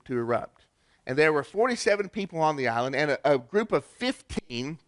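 A man preaching a Christmas sermon, earnest, with pauses and restarts. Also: medium pitch, a bit bright, no room sound. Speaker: pastor.

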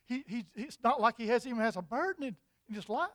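A man's voice: very high-pitched, lively intonation, quick pace, fairly bright tone, dry recording, studio quality. A man voicing a puzzled soldier who keeps asking, bewildered, what is different about the man beside him. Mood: baffled. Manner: baffled, questioning.

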